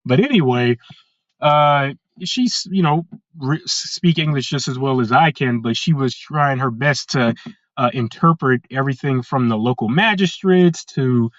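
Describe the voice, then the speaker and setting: A man's voice: medium pitch, unhurried, a bit bright, no echo. Man telling his story, dull dry sound. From California, USA. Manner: frequent "uh" fillers and restarts, acts out quoted people. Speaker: podcast guest. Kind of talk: casual storytelling.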